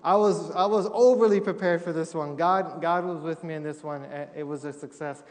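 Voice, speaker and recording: In a large church hall, a young man gives a missionary testimony to a congregation, telling humorous stories and acting out what people said. His voice is a little high, steady in tone, at normal speed.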